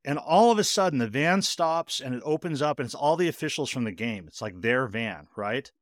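A man's voice: medium pitch, fairly quick, no echo. Dry-voiced man telling a story animatedly. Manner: animated, speeds up in bursts, heavy use of "like". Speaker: podcast host. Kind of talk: casual storytelling.

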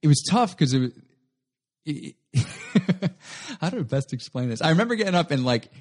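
A man, a comedian and singer-songwriter, telling stories animatedly in a casual chat. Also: fairly high pitch. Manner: animated storytelling, quick bursts.

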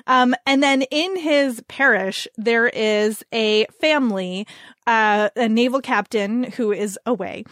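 A woman's voice: on the high side, slow, fairly bright tone, no room sound, clean studio sound. A woman hosting a podcast, recommending books in enthusiastic casual chat, laughing often and saying "like" a lot.

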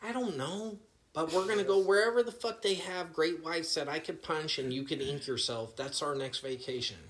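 A man's voice: on the high side, normal speed, a bit bright. A man co-hosting a podcast in casual chat, boastful and teasing, laughing often. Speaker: podcast co-host.

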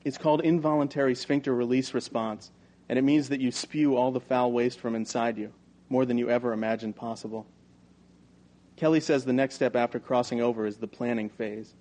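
Male audiobook narrator, mid-range voice, even and measured first-person storytelling. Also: mid-range voice. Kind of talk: first-person novel reading.

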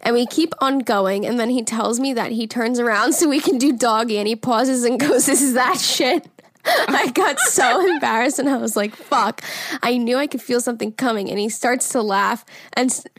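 A woman in her twenties with a New York accent co-hosts a casual podcast. She is quick to laugh and curses freely. Her voice sits a bit high, close and dry on the mic. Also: dry recording. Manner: laughs often, swears freely. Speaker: podcast co-host. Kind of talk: casual chat, reading listener emails.

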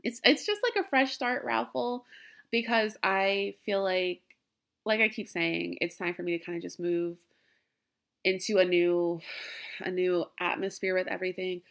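A woman's voice: on the low side, measured pace, creaky, fairly bright tone. A young woman hosting a podcast from her den at home, talking casually and emotionally in a rambling way with frequent laughs. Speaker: podcast host. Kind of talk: casual heartfelt farewell talk. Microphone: laptop.

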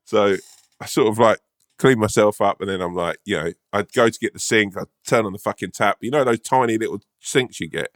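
A man's voice: fairly low pitch, fairly quick, no echo. A man co-hosting a podcast, telling a sweary, laughing anecdote in casual chat. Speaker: podcast co-host. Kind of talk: casual storytelling.

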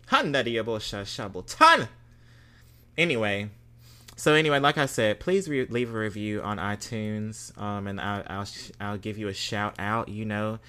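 A man's voice: lowish voice, a bit bright, clear, resonant tone. A man hosting a podcast, chatting casually and reading listener reviews with playful, exclamatory bursts of emphasis. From Southern United States. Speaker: podcast host.

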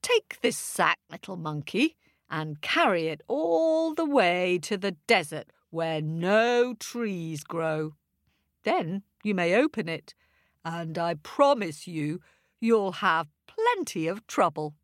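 A woman voicing a patient, kindly old god figure in a storybook, speaking in a slow, gentle, lowered voice. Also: sing-song, no room sound, studio quality, full character voice.

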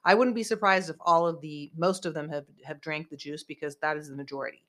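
A woman's voice: low-pitched, steady tone, quick pace, fairly bright tone. A woman hosting a podcast in casual chat, rambling and emphatic as she vents. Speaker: podcast host.

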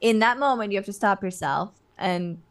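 A woman's voice: mid-range voice, moderate pace. A woman guest on a podcast, talking casually and laughing easily about spiritual ideas. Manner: relaxed, laughs often, spiritual talk.

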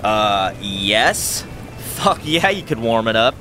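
A man voicing a crude, rowdy young party guy who talks loud and swaggering. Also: lowish voice, sing-song, takes it slowly, over music.

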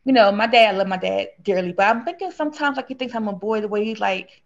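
A woman speaking earnestly and at length as an interview guest, rambling through a personal story of grief and getting animated when she quotes others. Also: a little high, fast talker, few pauses, dull audio. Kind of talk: emotional conversational interview.

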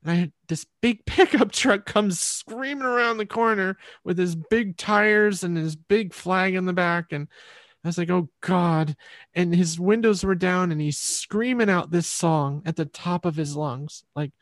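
A woman's voice: on the low side, a little slow, dry recording, studio quality. A woman musician, a guest in an interview, telling her story in a rambling, reflective way.

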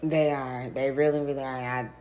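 A young woman hosting her podcast in a casual chat, her voice hoarse and nearly gone, chatty and giggly. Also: a bass voice, level tone, a little mellow, slight background noise. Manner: giggly, chatty, drawn-out exclamations. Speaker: podcast host. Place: vacation rental room.

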